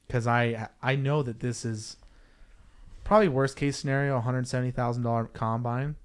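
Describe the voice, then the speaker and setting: A young adult man, a podcast guest, tells a story casually in an animated, rambling way, restarting and correcting himself. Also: mid-range voice.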